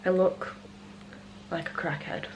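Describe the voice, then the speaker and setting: A young woman chatting in a casual vlog, giggly and excitable. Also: takes it slowly, dull audio. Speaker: vlogger. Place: inside a car. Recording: loud car noise behind.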